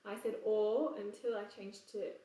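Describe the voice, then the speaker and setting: A woman with an English accent teaching choir vowel sounds in a relaxed, chatty way, breaking into sung examples. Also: mid-range voice, moderate pace, recorded from a distance. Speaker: choir vocal coach. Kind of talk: casual singing lesson with sung examples. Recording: roomy echo, voice away from the mic.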